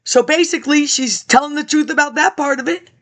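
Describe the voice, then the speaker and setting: A woman's voice: sits high, brisk, a bit bright. A woman in her fifties, a vlogger rambling through a personal story and jumping between tangents as she talks straight to her viewers.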